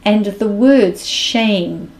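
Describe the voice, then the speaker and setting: Woman, South African accent, spiritual speaker, reflective talk, earnest, musing, medium pitch. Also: very slow, a little mellow, poor audio. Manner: earnest, musing, thinking aloud.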